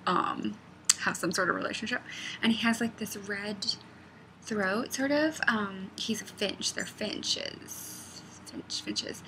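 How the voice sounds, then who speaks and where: Bright-voiced rambling woman. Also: medium pitch, slight background noise. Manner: rambling, digressive, drops to a near-whisper. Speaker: knitting pattern designer. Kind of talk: casual vlog chat.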